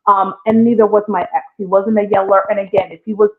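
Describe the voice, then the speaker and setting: A woman's voice: mid-range voice, flat delivery, fast. A woman hosting a casual relationship talk show, speaking expressively and addressing the listeners directly. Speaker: host. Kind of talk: casual podcast discussion. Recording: tinny phone-like sound.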